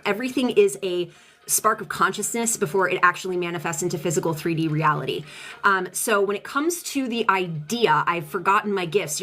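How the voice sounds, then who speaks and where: A woman from Colorado doing a casual live-stream channeling session as a tarot reader, chatty and fast, swearing freely and greeting viewers in the chat. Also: medium pitch, fairly bright tone. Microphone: streaming setup.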